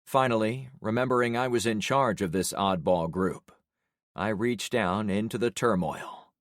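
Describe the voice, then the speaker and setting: A man narrating a first-person audiobook in a measured storytelling way. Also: on the low side, no room sound, clean studio sound.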